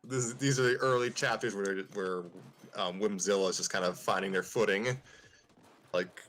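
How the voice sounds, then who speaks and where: A man's voice: fairly low pitch, normal speed. Man casually reading fan fiction aloud. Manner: relaxed reading aloud, chuckling at the text. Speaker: host and narrator.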